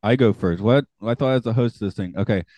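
A man with a lowish voice hosting a casual podcast discussion. He is chatty and laughs easily. The sound is dry and close. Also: quick pace, dark tone, dry recording. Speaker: podcast host. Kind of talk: casual chat.

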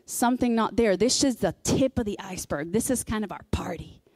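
A woman's voice: mid-range voice, expressive, brisk, darkish tone, dry recording, clean studio sound. A woman in her thirties preaching a sermon in a conversational way, telling personal stories with lots of fillers.

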